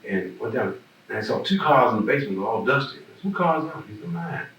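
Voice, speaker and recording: A man's voice: fairly low pitch, lively intonation, quick pace, a bit bright. A man with a Southern American accent telling stories in a casual oral history interview, rambling and repeating words. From Birmingham, Alabama. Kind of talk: casual storytelling. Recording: echoey room, distant mic, faint hiss.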